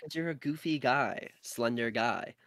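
A man's voice: medium pitch, unhurried, a bit bright. Hyped, joking man hosting a game stream. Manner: joking, hyped, playful trash talk. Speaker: livestream host. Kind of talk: casual gaming livestream chat.

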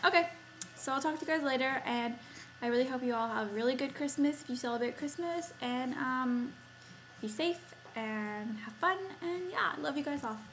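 A woman's voice: sits high, normal speed, a bit bright, slight background noise, rough recording. A young woman from Canada chatting casually to her camera at home, rambling with lots of fillers like "um" and "like". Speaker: vlogger. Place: home, indoors, by a Christmas tree.

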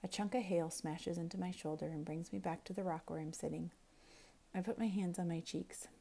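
A woman teacher reading a novel aloud, expressive, quiet and intense. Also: lowish voice, brisk, gravelly.

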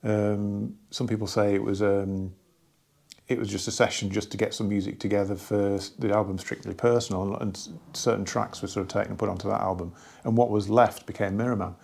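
A man casually talking through an album from his record collection, rambling and enthusiastic with many pauses and restarts. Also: lowish voice, flat delivery, vocal fry, a little mellow, husky. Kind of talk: casual hobby vlog.

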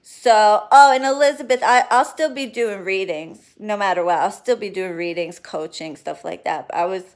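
A woman doing readings and spell work, chatting casually and affectionately to her viewers on a livestream, swearing now and then. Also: on the low side. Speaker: spiritual reader and spell worker.

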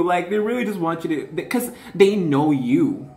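A woman's voice: lowish voice, moderate pace, few pauses, roomy sound. A woman in her twenties giving a casual tarot reading, chatty and slangy, laughing often. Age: 20s. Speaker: tarot reader.

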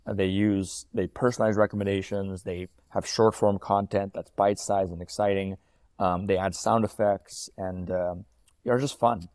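A man in his thirties, a company founder talking as an interview guest, quick and fluent with frequent ums and uhs. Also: low-pitched, fairly even intonation, darkish tone, clean tone, no room sound. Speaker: startup founder and CEO, guest. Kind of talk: casual interview talk.

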